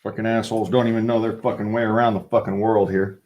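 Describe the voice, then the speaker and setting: A man's voice: on the low side, level tone, fast, darkish tone, lo-fi sound. A man hosting a livestream, chatting casually to viewers in a rambling, profane way and laughing often. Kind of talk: casual rant to a live chat.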